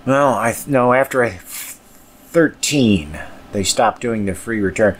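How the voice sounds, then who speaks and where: A man's voice: mid-range voice, animated, takes it slowly. A man hosting a podcast, talking in a casual, rambling way with crude language and mumbled asides. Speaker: podcast host.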